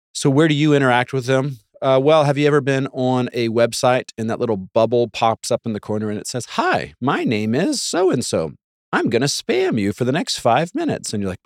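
A man's voice: fairly low pitch, no room sound, studio quality. A man hosting a talk show in a casual monologue, with wry, sarcastic asides and mock voices for quotes. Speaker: podcast host.

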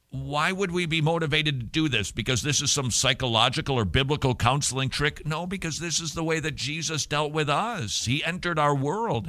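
A man giving an earnest, emphatic teaching talk to parents on Christian counseling, his voice jumping up in pitch when he stresses a point. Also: no room sound, studio quality. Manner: earnest, emphatic, animated with sudden rises in pitch.

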